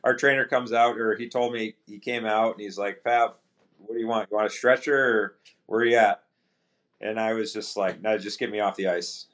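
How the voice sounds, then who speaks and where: A man with a lowish voice speaking at normal speed, a pro hockey player guesting on a podcast, tells a story in a relaxed, anecdotal way. He acts out his teammates' lines as dialogue, with frequent restarts and fillers.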